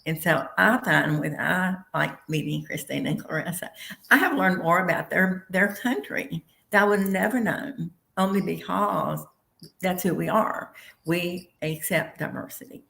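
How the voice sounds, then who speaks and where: Very gravelly Tennessee woman. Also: lowish voice, a little slow, a bit bright. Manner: frank and emphatic. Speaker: panelist. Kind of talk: casual panel discussion. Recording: echoey room.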